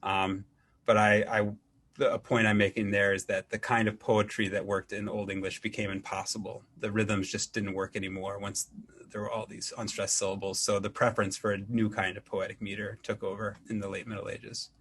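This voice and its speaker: A man, an English professor, giving an academic lecture in a measured way, with frequent ums and restarts. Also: fairly low pitch, little pitch movement, a bit bright, a little hiss or hum.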